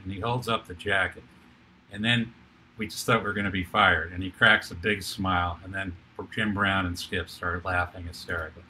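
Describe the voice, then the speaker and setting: Older male TV producer as guest; low-ish, very bright voice, lively storyteller. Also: slight background noise. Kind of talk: animated anecdotal storytelling.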